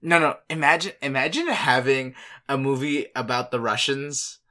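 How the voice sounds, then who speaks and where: Playful, giggly young man with a bright voice. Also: medium pitch, lively intonation, moderate pace. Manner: playful, giggly, jumps between ideas. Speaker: podcast co-host. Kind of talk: casual chat.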